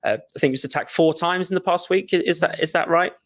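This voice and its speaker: A man's voice: a little high, fast, a bit bright. Hesitant man interviewer. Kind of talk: news interview.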